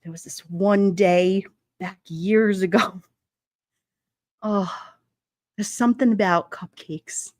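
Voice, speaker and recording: A woman's voice: medium pitch, takes it slowly, pauses often, a little mellow, dry recording, clean studio sound. A woman hosting a casual livestream, chatting with viewers in a blunt, playful way and laughing often. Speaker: livestream host. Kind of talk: casual live chat with viewers.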